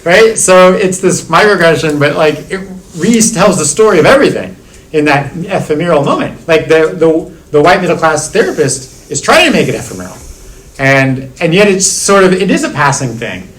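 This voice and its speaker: A man's voice: on the high side, very animated, moderate pace, fairly bright tone, rough recording. A middle-aged man, a university lecturer, talking through theory in a classroom seminar, circling back with restarts and fillers. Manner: discursive, many restarts and "like" fillers.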